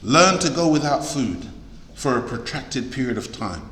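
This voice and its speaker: Preaching to a congregation, a man with a mid-range, fairly bright voice speaks at normal speed and is very animated, emphatic and exhorting, repeating key words for stress. He sounds like a preacher or lecturer in a large, echoey hall, and the recording carries a long reverb.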